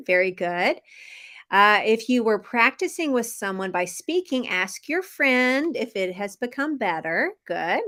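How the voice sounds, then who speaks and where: Friendly American woman teacher from the South, neutral accent, slow clear speech on a video call. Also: mid-range voice, a bit bright. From Memphis, Tennessee, US. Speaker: English teacher. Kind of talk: casual live-stream lesson chat.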